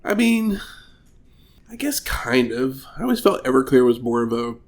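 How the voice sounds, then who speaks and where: A man of medium pitch co-hosting a podcast. He reads out history facts and drops dry remarks in a plain, casual way. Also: big pitch swings, normal speed. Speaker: podcast co-host. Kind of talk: casual chat.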